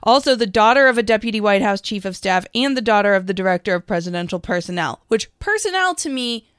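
A woman's voice: mid-range voice, animated, quick pace, a bit bright, smooth, no echo, studio quality. A woman co-hosting a political talk show, casual and incredulous, often saying "like". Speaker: co-host. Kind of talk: opinionated political commentary.

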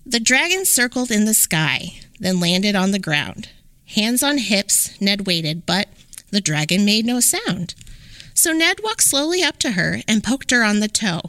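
Woman reading a rhyming storybook aloud, expressive, sing-song, slow, bright tone, dry close sound. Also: mid-range voice, no echo. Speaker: podcast host.

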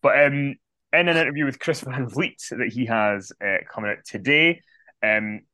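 A man co-hosts a laid-back wrestling podcast, chatty and loose, often pausing on an "um". His voice sits at an ordinary middle pitch and comes through dry and close to the mic. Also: pushed and bright, no echo. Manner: chatty, reads out quotes with frequent ums. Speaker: podcast co-host. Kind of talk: casual wrestling podcast chat.

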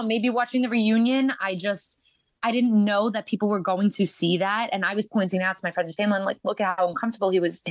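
A woman guest on a podcast, telling stories in a chatty, animated way, full of "like" and "um". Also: mid-range voice, no echo. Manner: chatty, animated, many fillers like "like" and "um". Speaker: podcast guest, reality show contestant. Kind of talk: casual storytelling interview.

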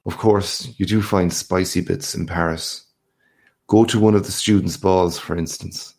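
Brief: male reader as a worldly, back-slapping journalist, deep gravelly voice, expansive storybook swagger. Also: steady tone, measured pace, darkish tone, exaggerated voice. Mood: boastful. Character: boastful worldly Irish journalist, man, middle-aged.

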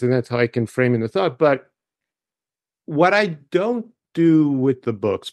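A man's voice: mid-range voice, no echo, studio quality. A man being interviewed as an author, talking casually and drifting into tangents. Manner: chatty, wanders into tangents. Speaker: author guest.

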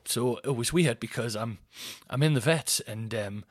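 A man's voice: medium pitch, moderate pace, no room sound. A man, telling rambling comic stories as a podcast host and often laughing at himself. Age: 30s. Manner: chatty, rambling, laughs at his own stories. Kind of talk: casual storytelling monologue.

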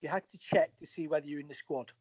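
A slightly high, husky male voice tells casual stories as an interview guest and acts out the dialogue of the people in them. The audio sounds dry and a little muffled. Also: fast, no echo. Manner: animated storyteller acting out quoted dialogue. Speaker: former footballer, interview guest. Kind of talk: casual anecdotal storytelling.

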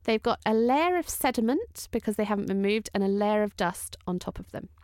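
A woman co-hosting a podcast, telling a family story in a lively, animated way. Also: medium pitch, fairly quick, no echo, studio quality. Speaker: podcast co-host. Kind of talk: casual chat, storytelling.

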